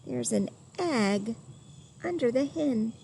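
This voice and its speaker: A woman reading a picture book aloud to children, doing animal sounds and pausing to ask her listeners questions. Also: a little high, animated, gravelly, warm tone, slight background noise. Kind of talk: read-aloud storytime.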